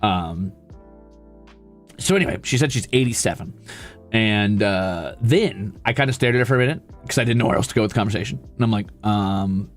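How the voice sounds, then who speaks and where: A man streamer telling an animated, laughing story in a casual chat. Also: on the low side, a little fast, faint music behind. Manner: animated, laughing, acts out voices.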